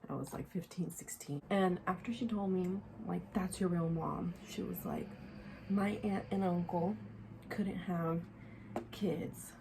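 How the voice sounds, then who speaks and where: Young woman, casual storytime vlog, low-ish gravelly voice, rambling and candid, clear background noise. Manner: rambling, candid, lots of fillers, drops into whispers. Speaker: vlogger. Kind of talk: casual storytime while getting ready.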